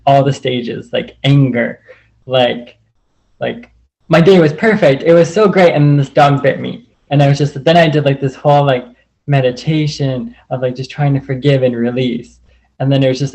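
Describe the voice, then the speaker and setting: A man's voice: medium pitch, creaky, a little mellow, rough recording. A man on a video call telling a personal story in a rambling way, full of "like" and acted-out quotes. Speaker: group call participant.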